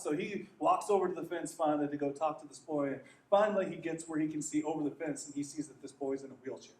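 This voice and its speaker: A man's voice: a little high, fast, hardly any pauses. A man preaching a sermon as pastor, asking earnest rhetorical questions and telling a story. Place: church. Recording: echoey hall, distant mic, faint noise.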